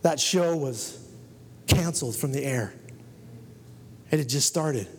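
A man's voice: mid-range voice, slow, darkish tone, slight background noise. Earnest man testifying in a church hall. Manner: earnest, storytelling, exhorting listeners. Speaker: guest giving a church testimony. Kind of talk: personal testimony to a congregation. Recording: long reverb of a church hall.

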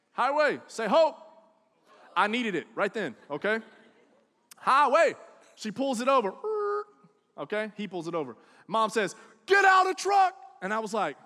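A man preaching a sermon, telling a personal story and acting out quoted voices, swinging from hushed to loud. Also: high voice. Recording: long hall reverb.

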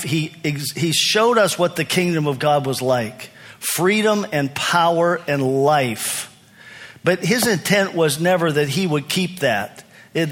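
Slightly high and a bit bright, this man's voice carries an earnest sermon delivered in a conversational way. As a pastor explaining his points, he frequently starts his sentences over.

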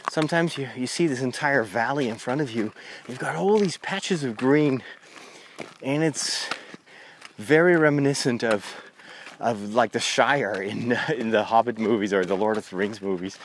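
A man's voice: mid-range voice, normal speed, a little hiss or hum. A man, a Catholic priest talking through his journey in a rambling, conversational podcast monologue while walking a country path outdoors, recorded on a lavalier mic on his phone. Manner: rambling, conversational, with frequent restarts.

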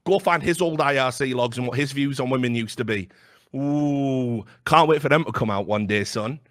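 A man's voice: medium pitch, normal speed, no echo, clean studio sound. A man telling a story in casual podcast chat, brash and profane, acting out what people said. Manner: brash, profane and animated, acts out quotes. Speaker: podcast co-host.

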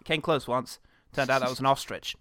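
A man's voice: medium pitch, steady tone, fairly quick, sharp tone, dry recording, clean studio sound. A man co-hosting a comedy podcast, riffing in casual chat with mock indignation. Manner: joking, mock-indignant riffs. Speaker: podcast co-host.

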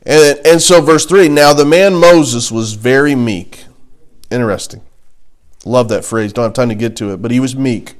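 A man teaching a Bible class in a relaxed, conversational way, reading scripture aloud and breaking off with jokes and asides. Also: fairly high pitch, normal speed.

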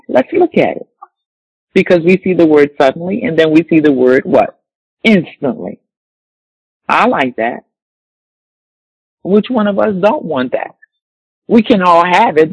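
Husky-voiced man preaching a sermon. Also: high voice, no echo, low-quality recording. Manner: slow emphatic scripture reading, repeating key words. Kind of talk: sermon with scripture reading.

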